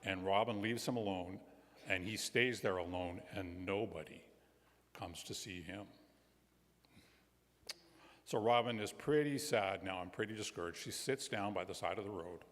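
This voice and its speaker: A man who is a guest minister, telling a children's story during a church service in an animated storytelling manner with friendly asides. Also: on the low side. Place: church sanctuary. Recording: long church reverb.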